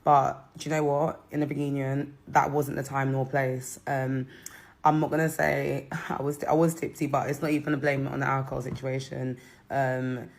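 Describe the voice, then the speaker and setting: A young woman from Britain giving a candid, hesitant apology with many pauses. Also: a bass voice, little pitch movement. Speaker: reality show contestant. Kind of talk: apology statement.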